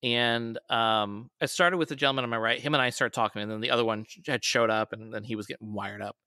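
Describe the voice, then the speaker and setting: A man's voice: medium pitch, steady tone, fast, bright, forceful tone, no echo, clean studio sound. A man, a podcast guest, telling a story in casual conversation and raising his voice when quoting people.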